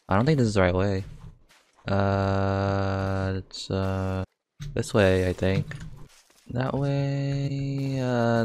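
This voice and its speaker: Swearing, fast-reacting young male gamer. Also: fairly low pitch, clear, resonant tone. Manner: reactive, swears and exclaims often, thinks aloud. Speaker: gaming YouTuber. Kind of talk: live game commentary.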